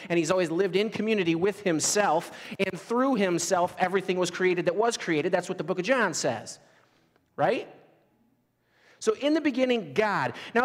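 A man's voice: high voice, big-room sound. A man preaching a conversational sermon, often asking the congregation questions. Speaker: pastor.

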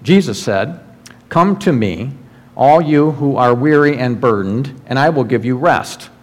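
A pastor with a medium-pitched, somewhat dark voice preaches a sermon in a church sanctuary, earnest and conversational, with frequent fillers and restarts. A long hall reverb hangs over the recording.

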